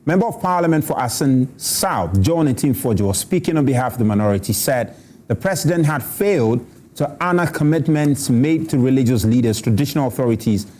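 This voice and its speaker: A male host runs a morning TV panel in a measured way, reading the paper aloud and guiding the guests. His voice is mellow and mid-pitched. A faint hum of the room sits behind him. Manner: calm moderator, reads aloud from newspaper. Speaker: TV show host. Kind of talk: morning show moderating and paper review.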